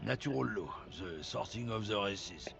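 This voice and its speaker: A man's voice: fairly low pitch, animated, moderate pace, gravelly. An actor playing a contemptuous, racist male lorry driver in a video game, with a scornful, lecturing manner. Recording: dull lo-fi game audio with music.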